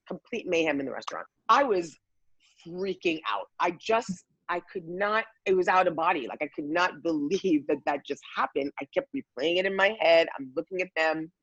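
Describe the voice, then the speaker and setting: A woman guest telling a lively personal story, acting out quotes from the people in it. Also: low-pitched, a little fast, husky, no room sound, highs cut off. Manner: lively, acts out quotes, many fillers.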